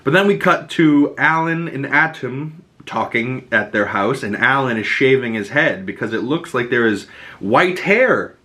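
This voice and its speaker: A man's voice: medium pitch, animated, unhurried, pushed and bright. A young man hosting a podcast, recapping a TV episode in a loose, profane, filler-heavy casual way. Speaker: podcast host.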